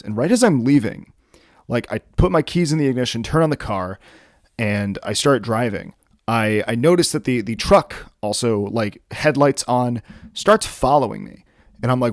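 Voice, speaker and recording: A man's voice: medium pitch, no echo. Young male vlogger, casual rambling storyteller, mid-range voice, dry room. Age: young adult. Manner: rambling, heavy filler words and swearing.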